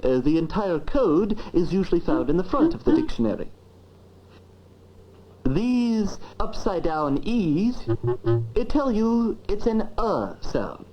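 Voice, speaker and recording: Fussy professorial dictionary brought to life, voiced by a woman; slow, sing-song, lo-fi old educational film with soft music. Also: medium pitch, sing-song. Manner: fussy, grandiloquent, lecturing. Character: pompous, learned talking dictionary, a thing. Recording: dull lo-fi old film sound.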